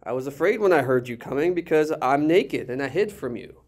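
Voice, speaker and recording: A man's voice: on the high side, animated, fairly quick, close to an everyday voice. A man voicing Adam as a frightened man who makes whiny excuses and blames his wife, within a sermon. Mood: defensive.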